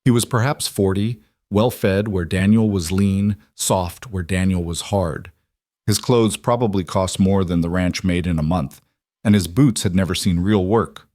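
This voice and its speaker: A man narrating a scripted story in an even, measured way. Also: low voice, dry recording, studio quality.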